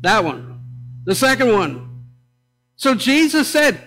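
A man with a high voice preaches slowly and deliberately in a church sanctuary. He lingers on phrases with dramatic pauses, rising to loud declarations and dropping to hushed tones. A faint hum sits under the recording. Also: very animated, rough recording. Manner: swings between loud proclaiming and hushed low delivery. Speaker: pastor. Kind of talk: sermon.

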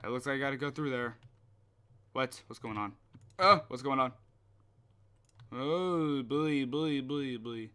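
A man's voice: mid-range voice, unhurried, long pauses, pushed and bright, clean tone. A young man commenting on a horror game as he plays, muttering to himself, swearing and getting jumpy at scares. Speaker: gameplay commentator.

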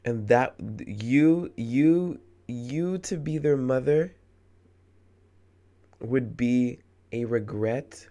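A man's voice: medium pitch, drawn-out words, dark tone. A man in his twenties giving let's play commentary, emphatic and indignant, often repeating words for effect. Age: 20s. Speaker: gamer.

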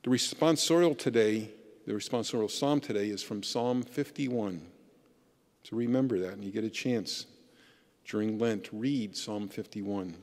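A man's voice: on the low side, measured pace, darkish tone. A man preaching a Sunday homily as a deacon, earnest and plainly telling a story. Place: church. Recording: long church reverb.

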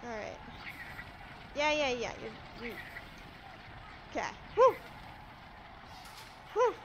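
A woman giving live commentary over her gameplay, excitable, yelping and talking back to the enemies on screen. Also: high voice, very slow, highs cut off, background noise. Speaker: let's play streamer.

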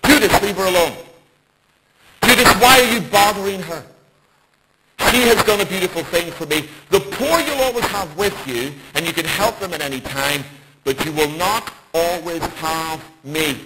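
A man's voice: very high voice, huge pitch swings, normal speed, pitched above the performer's own voice, full character voice. A man voicing Jesus as a firm teacher rebuking a disciple, speaking directly. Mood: firm rebuke. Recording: loud background noise.

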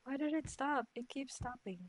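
A woman's voice: high voice, moderate pace. A woman streaming a horror game, talking to herself with jumpy, scared outbursts. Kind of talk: horror game let's play commentary.

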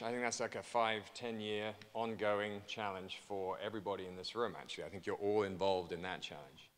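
A man with an English accent speaking to a conference audience, joking and persuasive, repeating his pitch for emphasis. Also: bright, forceful tone. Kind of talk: keynote speech to a conference audience. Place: large conference hall. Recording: long hall reverb.

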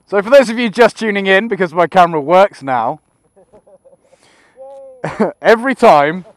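A man's voice: sits high, a little slow. A man riding a motorcycle and talking through a helmet mic in a casual, crude and joking way, often chuckling. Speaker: motovlogger. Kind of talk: casual rambling vlog commentary. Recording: loud wind and road noise.

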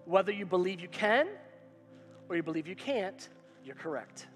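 A man's voice: sits high, expressive, moderate pace. A male pastor preaching a sermon, emphatic and repetitive, with call-and-response phrases. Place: church sanctuary. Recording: hall reverb with faint music.

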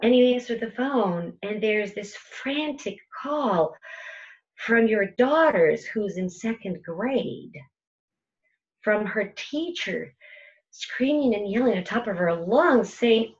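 Speaking slowly in an animated, medium-pitched voice, the host of an internet radio station gives a talk. She spins a vivid, dramatic story for her audience with phrases she repeats, captured on dull-sounding audio.

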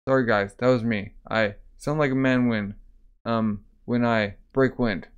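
Brief: man reading as a brash young disguised maid, bold and bossy, plain mid-pitched voice. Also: steady tone, a little slow, smooth, highs cut off, lightly acted. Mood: breezy.

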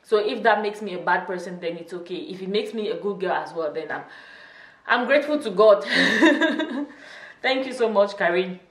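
A young woman talks casually to her channel viewers, chatty and quick to laugh. Her voice sits a little back from the mic in an echoey room. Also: mid-range voice, animated, distant mic. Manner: chatty, laughs often, teasing. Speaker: YouTuber. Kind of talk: casual vlog chat.

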